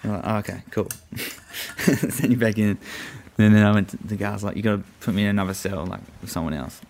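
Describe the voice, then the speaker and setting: A man's voice: on the low side, fairly even intonation, a little fast, vocal fry, darkish tone. A young man, a guest, telling a story in a profane, rambling way full of fillers. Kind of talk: casual storytelling.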